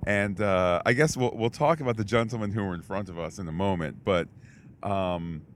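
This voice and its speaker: A man's voice: lowish voice, moderate pace, a little hiss or hum. A man co-hosting a podcast in casual chat, telling a story in a rambling way with many fillers and restarts. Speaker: podcast co-host.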